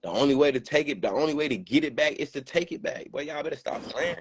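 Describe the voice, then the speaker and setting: A man's voice: on the high side, lively intonation, fast, slight background noise. A man hosting a live community gathering, talking passionately with a lot of slang, swearing and repeated phrases. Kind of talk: casual live-stream talk.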